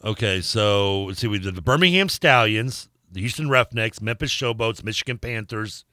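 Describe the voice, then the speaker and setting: A man's voice: fairly low pitch, moderate pace, sharp tone, no room sound, studio quality. A man co-hosting a sports radio show, rambling and laughing often, trailing off mid-sentence. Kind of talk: casual sports talk.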